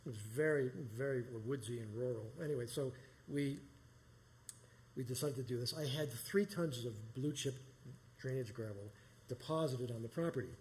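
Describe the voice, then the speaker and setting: A man's voice: mid-range voice, normal speed, a little mellow, a little hiss or hum. A middle-aged man from New York telling a personal story live, rambling and conversational with many restarts. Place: small performance space.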